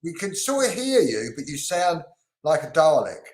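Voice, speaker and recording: Brief: upbeat British male host, slightly high voice, echoey room, video call. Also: sing-song, normal speed. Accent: British English. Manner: chatty, upbeat, drops lots of ums. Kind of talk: live online class, greeting viewers.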